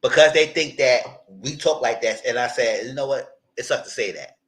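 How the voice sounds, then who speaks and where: Brief: animated male reality-TV commentator, blunt, slangy, mid pitch. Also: normal speed, low-quality recording. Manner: animated, outspoken, heavy slang. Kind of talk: live recap chat.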